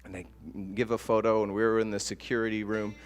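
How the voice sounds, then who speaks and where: Low-voiced pastor preaching in a reverberant church. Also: male voice, quick pace, clear, resonant tone. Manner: animated storytelling with acted-out quotes. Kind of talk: sermon. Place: church sanctuary. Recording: long church reverb with soft guitar.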